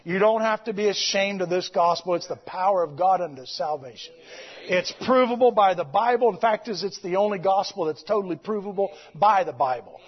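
A male preacher shouts his sermon in a high, husky voice. He swings from fiery declarations to chatty storytelling. The recording is dull and lo-fi. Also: brisk. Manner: impassioned, shouting, drops to storytelling.

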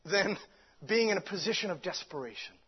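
A man's voice: sits high, lively intonation, fairly quick, slightly rough. A man preaching a sermon with fervent delivery, stumbling over restarts and many fillers. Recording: dull lo-fi recording.

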